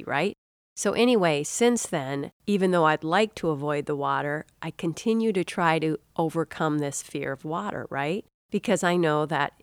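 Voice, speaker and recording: A middle-aged woman hosts an inspirational podcast with a low voice. She tells personal stories in a chatty, encouraging manner and calls her listener dear soul. The sound is dry, with no room around her. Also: clear, resonant tone, no echo. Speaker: podcast host and author. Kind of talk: inspirational talk.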